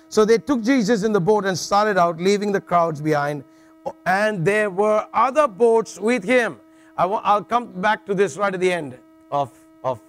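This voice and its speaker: A middle-aged man preaching to a congregation in a relaxed, joking manner. His voice sits a little high for a man, and he keeps checking in with his listeners. A low mains hum runs under the recording. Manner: jokey, conversational, with frequent "all right" asides and restarts. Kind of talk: sermon.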